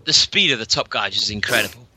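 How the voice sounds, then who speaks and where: A man co-hosting a casual podcast from his bedroom, telling stories with lively mimicry. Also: quick pace, slightly rough. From England. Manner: animated storyteller, mimics people with big pitch jumps. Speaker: podcast co-host. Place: bedroom at home.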